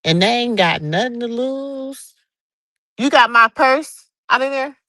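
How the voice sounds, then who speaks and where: Middle-aged woman co-host, chatty storyteller, lively swooping pitch, dry close sound. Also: unhurried, no echo. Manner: animated storyteller, acts out quotes. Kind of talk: casual late-night chat.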